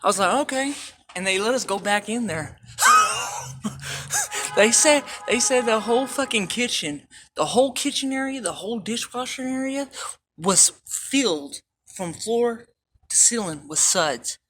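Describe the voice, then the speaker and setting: A woman's voice: fairly high pitch, expressive, moderate pace. Woman vlogger, casual storyteller, swears freely, laughs through anecdotes, faint background hum. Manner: profane, laughing, rambling anecdotes.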